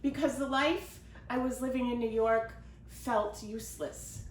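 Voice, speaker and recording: A woman's voice: a little high, steady tone, a little slow. A middle-aged woman, a writer, telling a self-deprecating personal story at home and animatedly acting out what people said. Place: home kitchen. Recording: roomy home recording from a distance, with background noise.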